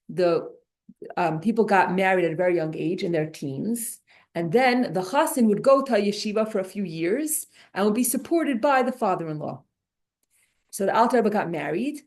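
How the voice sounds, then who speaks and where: A woman teaching a Torah class, animated and restarting her sentences often. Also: mid-range voice. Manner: animated, many restarts and repeated words.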